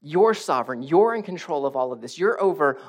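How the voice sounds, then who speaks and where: Youngish guy pastor preaching, chatty and animated, gets quiet then loud again. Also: a little high, brisk, slightly rough. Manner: conversational and animated, with rising intensity and hushed moments. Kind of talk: sermon.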